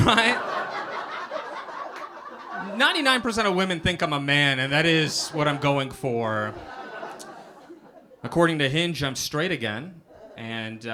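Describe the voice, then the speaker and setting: There's background noise as a young man with a somewhat high voice does self-deprecating stand-up on a comedy club stage for a live audience. After his punchlines he often asks "right?"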